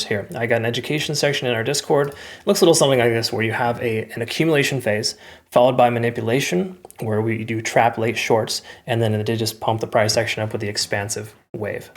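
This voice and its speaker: A man hosting a crypto market video, casually walking viewers through chart analysis and calling them folks. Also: medium pitch. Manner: conversational, filler-heavy, addresses viewers as folks.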